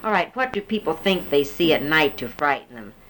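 A woman's voice: deep voice, very animated, fairly quick, fairly bright tone, slight background noise, poor audio. A woman interviewer patiently prompting a speaker with fill-in-the-blank questions. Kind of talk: dialect survey interview.

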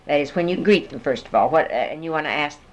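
A woman's voice: sits low, expressive, fast talker, low-quality recording. A woman interviewer patiently prompting a speaker with fill-in-the-blank questions. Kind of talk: dialect survey interview.

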